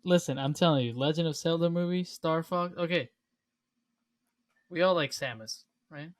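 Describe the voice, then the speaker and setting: Young male co-host, fairly high voice, dry close sound, relaxed stop-start talk. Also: dry recording. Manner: relaxed, halting, repeats words, laughs while talking. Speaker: podcast co-host. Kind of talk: casual chat.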